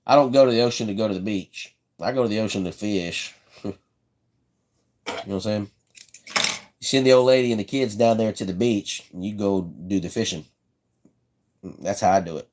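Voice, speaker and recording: A man's voice: fairly low pitch, normal speed, long pauses, darkish tone. A man from South Carolina with a Southern accent, hosting a casual live stream while building a fishing rod, laid-back and repeating himself as he talks. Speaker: livestream host building fishing rods.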